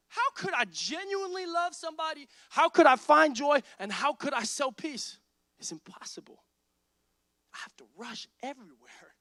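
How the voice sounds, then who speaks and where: A man's voice: very high voice, no echo. A man in his thirties preaching a sermon as pastor, telling stories and acting out both sides of conversations. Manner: animated storytelling, acts out dialogue.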